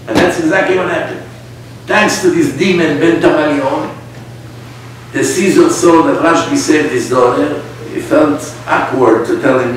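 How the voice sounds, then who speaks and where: Brief: man, rabbi telling stories and quizzing listeners, slightly high voice, distant, echoey. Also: a little slow. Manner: animated, asks the audience questions. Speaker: rabbi teaching a class. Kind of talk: storytelling sermon. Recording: echoey room, distant mic, faint noise.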